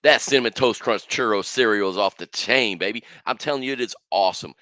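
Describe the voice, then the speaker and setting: A middle-aged man hosting a casual solo podcast, animated and slangy, with bursts of loud excitement. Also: fairly low pitch, fast talker, no echo. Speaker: podcast host.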